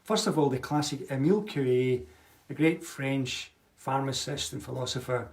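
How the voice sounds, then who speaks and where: Calm man guiding meditation. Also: medium pitch. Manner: slow, soothing, repetitive phrasing. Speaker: meditation teacher. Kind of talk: guided meditation and affirmations. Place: home, live online session. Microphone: webcam or computer mic.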